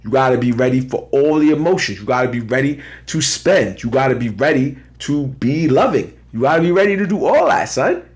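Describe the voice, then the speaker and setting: A man's voice: medium pitch, fairly quick, few pauses. New york guy ranting about reality tv, slangy, talks right at you, middle voice. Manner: animated, slangy, talks straight to viewers. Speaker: show host. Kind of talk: casual reality TV commentary.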